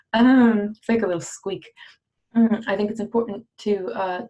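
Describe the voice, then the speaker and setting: A woman from Brooklyn, a guest on a video chat, speaking in a deliberate and earnest way. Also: fairly low pitch, darkish tone, lo-fi sound.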